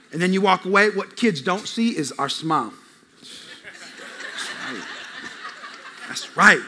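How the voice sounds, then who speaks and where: A man's voice: sits high, takes it slowly, pauses often, slight background noise. A man preaching a sermon with humor, telling family stories and talking directly with the congregation. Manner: animated, acts out family scenes; talks with the congregation. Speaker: pastor.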